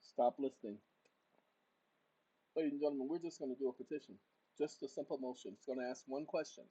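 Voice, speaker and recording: A man hosting his own channel, giving spoken commands to a voice assistant and walking viewers through a document on screen, switching between loud orders and quiet asides. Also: steady tone, quick pace, slightly rough, dull audio. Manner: talks to a voice assistant in bursts, then explains to viewers; shouts commands, then drops to a low aside. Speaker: channel host. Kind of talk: casual screen-share walkthrough.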